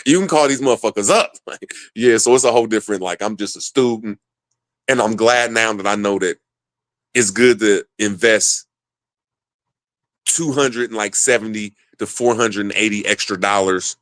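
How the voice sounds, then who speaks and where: In a casual chat, a man talks loosely and jokingly with heavy swearing, laughing often between lines. His voice is lowish and a bit bright, with no room sound.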